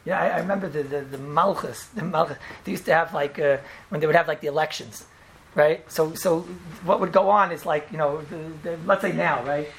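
Fast-talking man a gravelly voice. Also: a little high, slight background noise, low-quality recording. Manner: animated, repeats himself, frequent "right?" and restarts. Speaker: storyteller recalling a rabbi. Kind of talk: casual storytelling chat.

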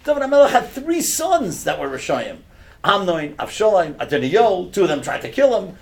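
An older man giving a sermon through stories, swinging from hushed storytelling to loud, impassioned preaching. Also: high voice, sing-song, normal speed, vocal fry.

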